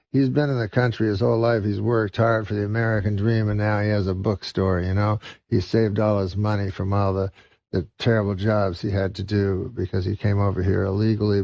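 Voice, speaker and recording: A comedian from Canada telling a long rambling joke in a halting deadpan way, full of "uh" and "you know". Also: male voice, on the low side, creaky, no room sound. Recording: dull lo-fi sound.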